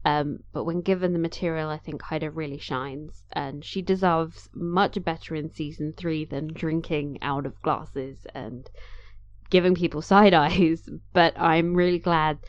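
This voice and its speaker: A woman's voice: deep voice, steady tone, unhurried, muffled recording. A woman co-hosting a podcast, chatting enthusiastically about a TV drama. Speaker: podcast co-host. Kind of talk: casual discussion of a TV drama.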